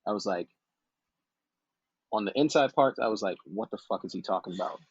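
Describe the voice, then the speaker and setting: Husky low-voiced man telling stories. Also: fairly quick, no echo, highs cut off. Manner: animated storyteller, acts out quotes with laughter. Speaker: podcast guest, model and actor. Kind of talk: casual storytelling chat.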